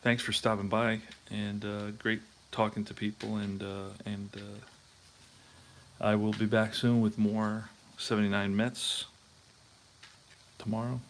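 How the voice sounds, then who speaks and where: A man's voice: fairly low pitch, gravelly. A man hosting a tabletop baseball replay, chatting casually and thinking aloud as he checks scorebooks. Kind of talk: casual talk while playing.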